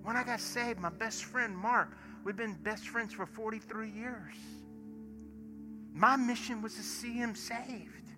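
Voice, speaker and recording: A man, a pastor preaching in church and acting out stories, swinging from hushed asides to loud bursts. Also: sits high, unhurried. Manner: animated storyteller, acts out dialogue, swings from hushed to shouting. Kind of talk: sermon with storytelling. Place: church sanctuary. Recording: music playing behind sermon. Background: soft worship music.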